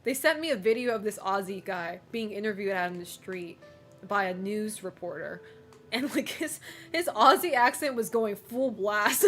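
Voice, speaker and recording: A woman's voice: medium pitch, animated, normal speed, fairly bright tone, faint music behind. A woman streamer chatting casually with her live chat, teasing viewers, swearing freely, and laughing often.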